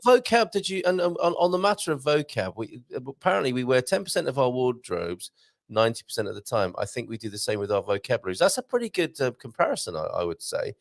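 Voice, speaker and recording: Male morning-show host, gravelly voice, animated delivery, chummy and encouraging. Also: medium pitch, fast. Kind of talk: casual morning show chat.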